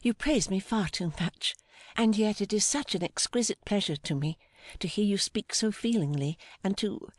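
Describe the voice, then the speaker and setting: A woman reading the part of a gentle, timid young woman, speaking softly and hesitantly with deep affection. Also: expressive, normal speed, hardly any pauses, no echo, clean studio sound, lightly acted. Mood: tender. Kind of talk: audiobook dialogue reading.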